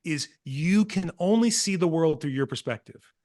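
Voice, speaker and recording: A man guest on a podcast, telling parenting stories with earnest, animated energy and acting out what others said. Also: fairly high pitch, normal speed. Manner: earnest, animated storytelling, acts out quotes. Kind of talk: casual podcast conversation.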